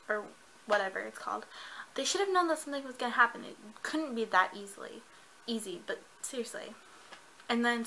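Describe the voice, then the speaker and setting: A woman reviewing a book in a casual vlog, gushing and excitable, with lots of fillers. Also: fairly high pitch, a little hiss or hum, low-quality recording.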